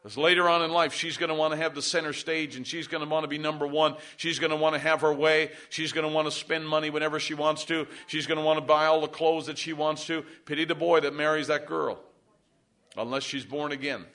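A man's voice: on the high side, level tone, a little fast, fairly bright tone. A middle-aged male pastor preaching a sermon, pressing points with emphasis and calling for amens from the congregation.

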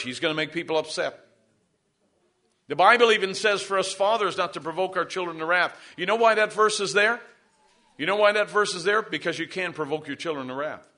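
A man's voice: sits high, pushed and bright. A middle-aged male pastor preaching a sermon, pressing points with emphasis and calling for amens from the congregation.

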